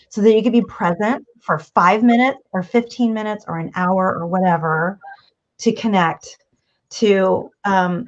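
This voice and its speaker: A woman coach giving communication advice in a casual interview, animated and acting out the voices she quotes. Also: mid-range voice, normal speed. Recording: dull lo-fi audio.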